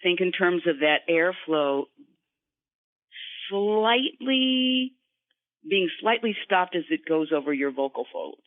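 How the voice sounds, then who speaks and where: A woman guest voice actor in an interview, explaining voice technique in an instructive way and slipping into quick voice demonstrations. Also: on the low side, animated, no echo. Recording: tinny phone line.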